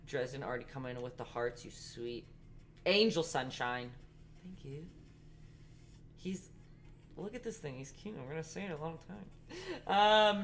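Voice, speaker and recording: Low-voiced woman rambling fast through a painting stream, super chatty. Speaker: art instructor and live-stream host. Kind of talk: casual live-stream painting lesson.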